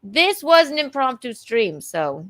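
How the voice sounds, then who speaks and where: A woman's voice: high-pitched, big pitch swings, measured pace, a bit bright, dry recording, clean studio sound. A woman in her thirties hosting a late live stream, rambling and a little teary as she chats to viewers and signs off. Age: 30s. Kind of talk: casual live-stream chat.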